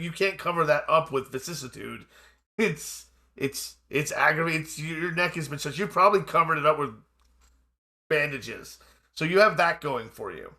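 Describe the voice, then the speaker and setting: A man running a tabletop role-playing game as game master, narrating a court feast in a measured storytelling manner and breaking into casual table talk. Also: fairly high pitch, pushed and bright.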